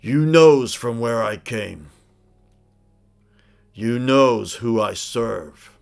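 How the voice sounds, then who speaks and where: A man voicing a huge male troll chieftain who rallies his clans in a loud, slow, commanding voice with old-fashioned phrasing. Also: expressive, creaky, heavily acted. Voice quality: booming, bellowing. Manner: slow, commanding archaic speech.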